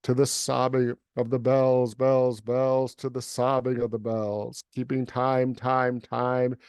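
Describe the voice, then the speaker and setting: A man's voice: mid-range voice, little pitch movement, takes it slowly, darkish tone, clean tone, dry recording. A man and poet giving an emphatic, rhythmic poetry reading over a video call, then chatting about the poem. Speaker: poet reading at a livestream event. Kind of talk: dramatic poetry recitation, then casual chat.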